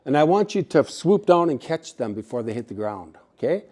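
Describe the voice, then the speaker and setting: A man's voice: on the high side, sing-song, a little fast, a little mellow. A man voicing a cautious, choosy young female eagle in a spoken story, talking politely and carefully with a light teasing edge. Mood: determined. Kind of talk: told story at a gathering.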